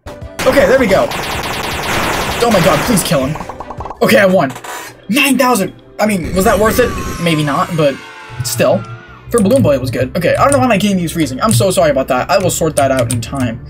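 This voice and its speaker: A young man gives let's play commentary over game music, his pitch leaping around as he reacts. He talks to himself, groans at mistakes and swears at the game. His delivery is excitable and unscripted. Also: a little fast. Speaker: gaming YouTuber.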